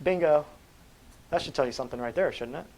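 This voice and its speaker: A man's voice: a little high, fast, a little mellow, muffled recording. Emphatic man quizzing his audience. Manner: blunt and combative. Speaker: natural health practitioner giving a talk. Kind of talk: lecture to a live audience.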